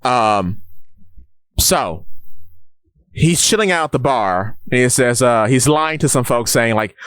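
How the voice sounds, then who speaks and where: A man's voice: mid-range voice, animated, slow, fairly bright tone, smooth, no echo. A man co-hosting a podcast, recapping at length in casual chat with many stumbles and restarts. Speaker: podcast co-host.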